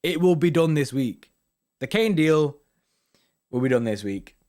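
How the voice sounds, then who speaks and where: A man's voice: a little high, lively intonation, unhurried, darkish tone. Slangy young man rambling casually. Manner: slangy and rambling, repeating "innit" and "you know what I mean". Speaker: host of a football fan live stream. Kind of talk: casual live-stream chat, reading viewer comments.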